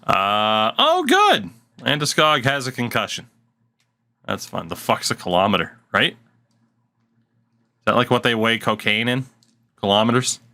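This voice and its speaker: Sarcastic gamer guy muttering n swearing at his desk mic, kinda low voice but real bright. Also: normal speed, long pauses. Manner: sarcastic, swears often, talks to himself. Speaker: gaming channel host. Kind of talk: casual gameplay commentary.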